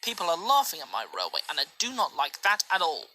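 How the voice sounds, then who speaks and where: A woman's voice: fairly low pitch, huge pitch swings, a little fast, pushed and bright, slight background noise, full character voice, low-quality recording. A woman voicing a stern but kind older railway boss in a storybook reading. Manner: scolding, then kindly.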